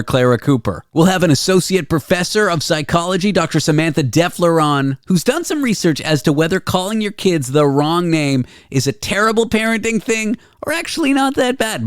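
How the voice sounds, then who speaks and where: A man's voice: a little high, no room sound, clean studio sound. A man hosting a comedy show, delivering a playful monologue with lots of jokes. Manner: playful and jokey, with bouncy exaggerated delivery. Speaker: radio show host. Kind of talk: comic monologue.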